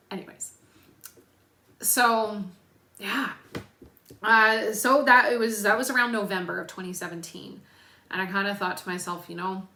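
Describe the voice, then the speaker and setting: A woman's voice: mid-range voice, pushed and bright, slight background noise. A young adult woman, a personal trainer, talking candidly and casually to camera, swearing freely and using lots of fillers. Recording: echoey room.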